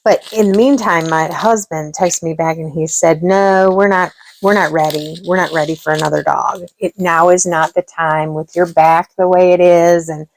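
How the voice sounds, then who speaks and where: A woman's voice: on the low side, vocal fry. A middle-aged woman telling a rambling story at home in a casual, chatty way, quoting other people as she goes. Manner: chatty, rambling, with laughs and quoted dialogue. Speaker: craft vlogger. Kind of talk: casual storytelling while crafting.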